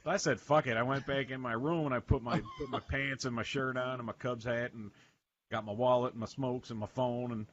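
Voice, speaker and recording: A man's voice: mid-range voice, fairly even intonation, a little fast. A man telling a rambling, profane story in a casual radio chat. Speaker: regular panelist, veteran. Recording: dull lo-fi sound, faint noise.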